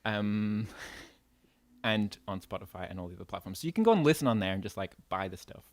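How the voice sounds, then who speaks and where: A man's voice: lowish voice, expressive, a little fast, no room sound. Chatty host man, dry close sound. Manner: chatty, jokey, with fillers. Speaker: livestream host. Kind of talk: casual chat.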